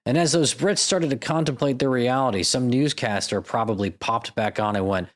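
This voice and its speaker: A man's voice: mid-range voice, normal speed. Irreverent, profane male podcast host. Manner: irreverent, profane, jokey asides. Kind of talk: comedic podcast narration.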